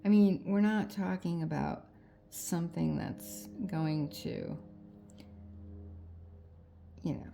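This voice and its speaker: Middle-aged woman, craft vlogger; slow, mellow, rambling self-talk, always second-guessing. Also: lowish voice, creaky, a little hiss or hum. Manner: rambling and indecisive, talking herself into choices. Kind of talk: casual thinking aloud while crafting.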